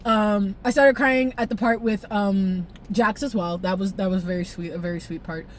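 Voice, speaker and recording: A young woman vlogger recapping an episode in casual, animated chat, swearing freely, laughing often and jumping high when excited. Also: moderate pace, slight background noise. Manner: expressive, profane, laughs often, jumps pitch when excited. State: tearful at times.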